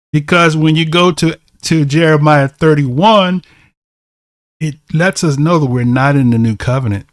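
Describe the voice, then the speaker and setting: A man with a somewhat high voice teaches a scripture lesson. He reads verses and then breaks them down, tossing in "right?" as he goes. The sound is close and dry, with almost no room echo. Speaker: bible teacher.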